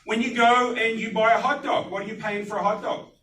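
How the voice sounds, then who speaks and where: A man giving a live sales pitch at a business networking meeting, animated and putting questions to the audience. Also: fairly quick, a little hiss or hum. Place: meeting room. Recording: echoey room, distant mic.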